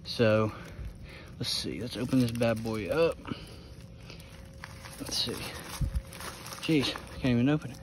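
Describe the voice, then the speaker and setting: A man's voice: mid-range voice, takes it slowly, pauses often, background noise. Out-of-breath guy vlogging outdoors. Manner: chatty, talks to viewers while riding and hiking. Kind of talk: casual outdoor vlog. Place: outdoors by a creek on a farm.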